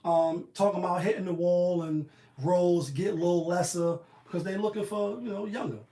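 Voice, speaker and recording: Slangy, high-voiced man in an echoey room. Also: a little fast. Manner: slangy, animated, riffing. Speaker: commentator. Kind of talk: casual commentary vlog.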